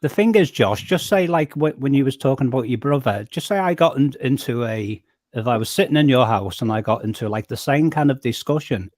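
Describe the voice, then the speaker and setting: A man's voice: medium pitch, animated, fairly quick, a little mellow, no echo. A man on a video call who explains his points through stories and homely comparisons, often stammering on restarts. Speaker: panel member. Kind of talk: casual group chat on a call.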